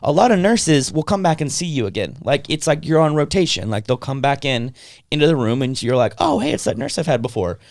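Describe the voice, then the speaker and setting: A young adult man co-hosting a podcast, telling a story in a rambling, animated way and acting out what other people said. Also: on the high side, a little fast, creaky, no room sound, studio quality. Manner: animated, acts out other people's lines in shifting voices; rambling, heavy on filler words and restarts. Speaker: podcast co-host. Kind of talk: casual storytelling chat.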